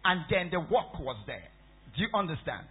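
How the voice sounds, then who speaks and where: A man's voice: on the high side, big pitch swings, normal speed, slightly rough. A man preaching a Bible-study sermon, repeating points and quizzing the congregation with questions. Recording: tinny phone-like recording.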